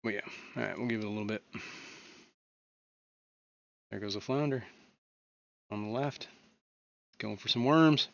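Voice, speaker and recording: A man's voice: lowish voice, measured pace, gravelly, long pauses, dull audio. A man hosting a casual livestream from his fish room, rambling with muttered asides and lots of fillers. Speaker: livestream host.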